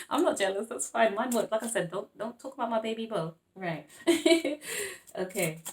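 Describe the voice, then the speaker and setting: A woman's voice: a little high, expressive, normal speed. Woman tarot reader, casual monologue, playful and rambling, with lots of endearments and laughter. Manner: chatty and playful, laughing often, calling viewers babes and darling; rambling with frequent restarts.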